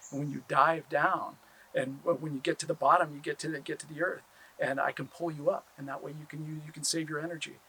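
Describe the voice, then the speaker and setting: A man's voice: on the high side, steady tone, quick pace, bright, forceful tone, a little hiss or hum, poor audio. A man voicing a loyal male companion in a spoken folk tale, earnest and anxious. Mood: eager.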